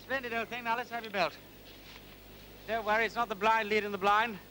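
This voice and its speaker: An actor playing a breezy lord and gentleman detective, with a clipped, jaunty aristocratic manner, in a 1970s TV crime drama. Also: high-pitched, steady tone, a little fast. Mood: breezy commanding. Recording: 1970s TV film sound, light hiss.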